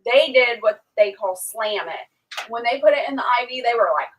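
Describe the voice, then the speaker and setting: A woman with a fairly high voice tells a story in a casual, animated way. She often raises her pitch to act out quotes. Her voice sounds a bit distant from the microphone. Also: normal speed, slight background noise. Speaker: livestream host telling a story.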